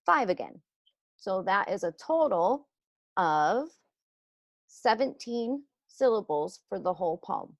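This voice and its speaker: A woman teacher giving a slow, patient lesson to children, explaining step by step. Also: mid-range voice, lively intonation, no room sound.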